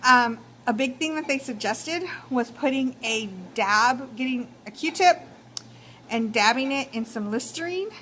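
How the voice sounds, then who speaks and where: A woman's voice: high voice, unhurried, fairly bright tone, a little hiss or hum, poor audio. A young woman with a Texan accent giving casual advice in a vlog, talking chattily with many fillers. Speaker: vlogger.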